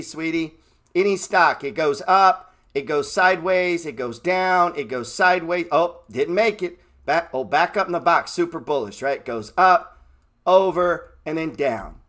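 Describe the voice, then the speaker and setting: A man's voice: mid-range voice, fairly bright tone. A man hosting a trading channel, giving a blunt, profane motivational rant and mocking the people he talks about. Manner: profane, brash and mocking, mimics excuse-makers. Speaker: stock trading channel host.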